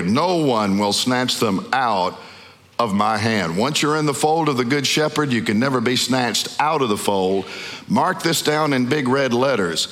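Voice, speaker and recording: A male pastor preaching a sermon, asking the congregation questions and slowing down to stress key words. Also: medium pitch, fairly bright tone. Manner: call-and-response questions to the congregation; emphatic, slows down on key words. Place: church sanctuary. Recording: long reverb of a large hall.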